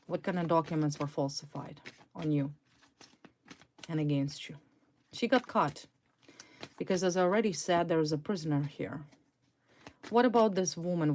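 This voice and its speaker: A woman with a low-pitched voice gives a tarot card reading for her viewers. She speaks with emphatic indignation and keeps repeating her key words for weight. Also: darkish tone, slight background noise. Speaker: tarot reader.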